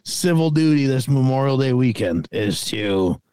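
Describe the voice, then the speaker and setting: A man's voice: mid-range voice, lively intonation, moderate pace, dark tone, clean tone, no echo. A man from the United States co-hosting a casual podcast, joking and poking fun at himself. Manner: joking, self-mocking banter. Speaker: podcast co-host. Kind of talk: casual chat.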